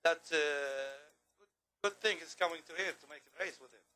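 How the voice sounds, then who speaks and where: A racing team man speaks in halting, broken English, pausing between phrases. His voice is bright and sharp, heard outdoors at a drag strip. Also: a little high.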